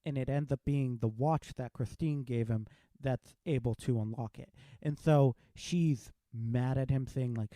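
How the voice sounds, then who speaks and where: A man's voice: medium pitch, unhurried, few pauses, warm tone, no echo. A man hosting a podcast, chatting casually as he reviews a film and retells its scenes with quoted lines. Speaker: podcast host.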